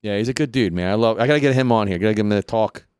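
A young man hosting a casual podcast chat, easygoing and quick to laugh, with lots of "uh" as he talks. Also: lowish voice, darkish tone, smooth, no echo, studio quality. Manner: laid-back, laughing, trailing off with "uh". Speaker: podcast host.

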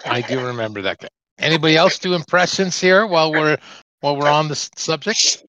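A man's voice: fairly high pitch, brisk, bright, forceful tone, no echo. A man hosting a podcast in casual chat, easygoing with stumbling restarts. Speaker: podcast host. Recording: dull lo-fi sound.

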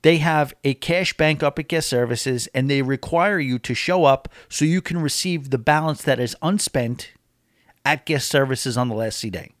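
A man's voice: mid-range voice, moderate pace, dry recording, clean studio sound. A man vlogging about a cruise in a casual, opinionated monologue, talking with emphasis.

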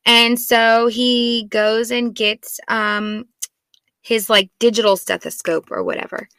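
A woman's voice: a little high, fairly even intonation, slow pace, bright, forceful tone, dry recording. A woman in her thirties, a mother of four, telling a family story in a chatty, rambling, self-deprecating way with lots of "like". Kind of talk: casual storytelling podcast.

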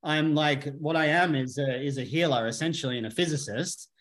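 A man speaking in a somewhat high voice, blunt and emphatic. He swears freely and drives his points home in a loose podcast conversation. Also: fairly quick, fairly bright tone. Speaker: podcast guest, healer. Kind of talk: casual conversation.

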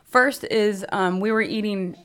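A woman's voice: medium pitch, unhurried, fairly bright tone, clear, resonant tone. A woman co-hosting a podcast in casual chat, telling stories in a giggly, rambling way. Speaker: podcast co-host.

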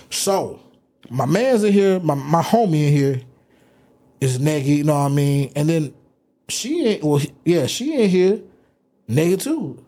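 A young man hosting a casual talk show, telling a story in an animated way and acting out what people said. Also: fairly high pitch, husky. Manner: animated storyteller, acts out quotes. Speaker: podcast host.

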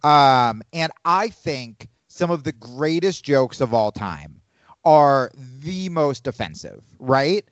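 A man in casual podcast chat, animated and profane, rambling through his opinions. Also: mid-range voice, takes it slowly, no echo, highs cut off.

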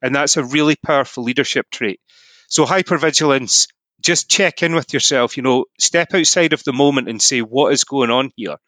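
A Scottish man speaks as a podcast guest, with a bright, forward tone at a middle pitch. He explains ideas earnestly and leans on "you know" between thoughts. The sound is dry and close. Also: moderate pace, no echo. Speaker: podcast guest, mindset coach. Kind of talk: casual podcast conversation.

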